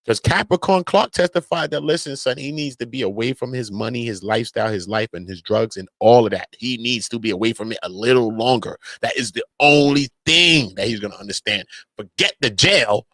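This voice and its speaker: A man giving casual online commentary, animated and slangy, often breaking into mocking impressions. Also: medium pitch, brisk, hardly any pauses, dry recording.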